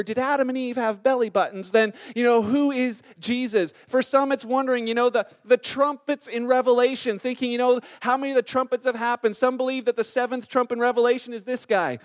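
A male pastor delivers a casual, story-driven sermon. His voice sits high for a man and sounds a little sore. He leans on fillers and chatty asides as he talks. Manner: conversational, storytelling with many fillers. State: slightly sore voice.

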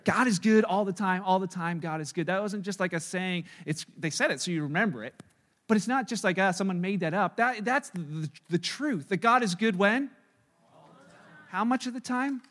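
A man preaches in a high, bright voice, his words ringing with the long reverb of a church hall. He is animated and acts out the voices he quotes, going from loud bursts down to near quiet. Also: normal speed. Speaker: pastor. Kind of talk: sermon.

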